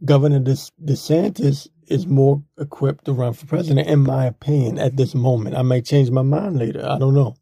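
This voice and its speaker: Man, blunt opinion monologue, very dark husky gravelly voice, dry close sound. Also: medium pitch, fairly even intonation, normal speed, hardly any pauses, no room sound. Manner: blunt, rambling, mocking. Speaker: political commentator.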